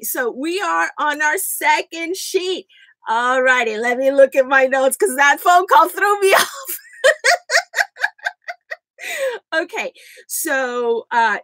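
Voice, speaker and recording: Woman host, live craft demo; bright high voice with a lot of swing, unhurried pace, giggly and self-mocking, close desk mic. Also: no room sound. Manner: chatty, laughs often at herself. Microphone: USB desk microphone.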